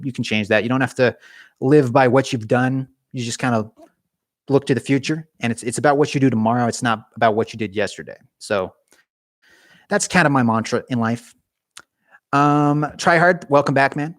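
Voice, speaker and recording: A man's voice: medium pitch, no echo, studio quality. A young man hosting a casual live stream, chatting animatedly with viewers and often restarting his sentences. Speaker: YouTube gaming channel host.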